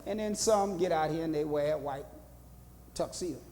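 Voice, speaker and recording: A man's voice: a little high, moderate pace, dark tone, long reverb tail, slight background noise. A male pastor teaching a Bible study in a church, repeating phrases and asking the room questions in a preaching cadence. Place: church hall.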